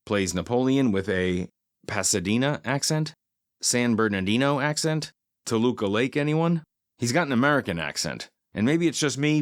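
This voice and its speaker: A man with a low voice delivers a scripted film review, full of deadpan, sardonic asides. He slows down to hammer home his key points. The sound is dry and close, with no room around it. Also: no echo.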